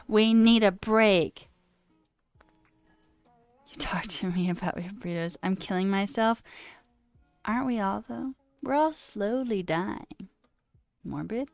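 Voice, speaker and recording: A woman's voice: mid-range voice, takes it slowly, long pauses, a little mellow, no echo, soft background music. A woman streamer chatting casually and reading chat aloud, rambling, laughing often and swearing now and then.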